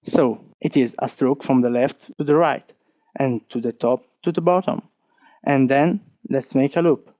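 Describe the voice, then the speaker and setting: A man with an Italian accent, teaching an online lesson, talking slowly and patiently and counting strokes aloud. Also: medium pitch, mellow, no echo, lo-fi sound. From Italy. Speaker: language teacher.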